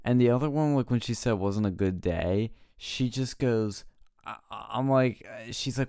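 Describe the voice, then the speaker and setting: A man co-hosting a casual talk show, telling an animated story and mimicking the people in it. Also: mid-range voice, unhurried, vocal fry, clean tone, no room sound, clean studio sound. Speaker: podcast co-host. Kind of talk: casual chat.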